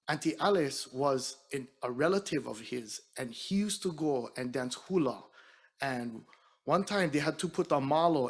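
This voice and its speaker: Middle-aged hawaiian pidgin-accent guy, entertainer telling stories between songs, chatty, fairly high voice. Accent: Hawaiian Pidgin-tinged English. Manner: chatty, animated storyteller who acts out quotes. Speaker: singer and entertainer. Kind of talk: storytelling to an audience between songs.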